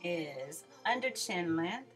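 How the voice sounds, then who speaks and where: A woman's voice: on the low side, lively intonation, slow, soft background music. A woman chatting casually about her hair in a home vlog, friendly and rambling. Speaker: beauty vlogger.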